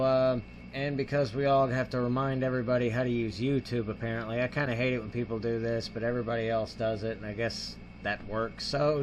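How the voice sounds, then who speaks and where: A man in a middle-pitched voice hosts a casual film review show. He rambles through the plot with plenty of "uh" and "like," jumping into the characters' lines as he goes. A faint hum of noise sits behind him. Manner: rambling, filler-heavy, acts out the characters' lines. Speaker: host.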